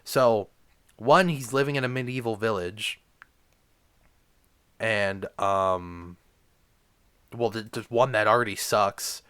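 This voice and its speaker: A man's voice: lowish voice, takes it slowly, pauses often, a bit bright, clear, resonant tone. A young man delivering a crude, rambling comedy rant packed with swearing and filler words. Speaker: comedic ranter.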